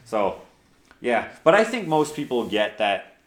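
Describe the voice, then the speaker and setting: A man's voice: mid-range voice, very animated, a little slow, roomy sound. A man co-hosting a podcast in casual chat, easygoing and talking in long run-on thoughts. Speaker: co-host.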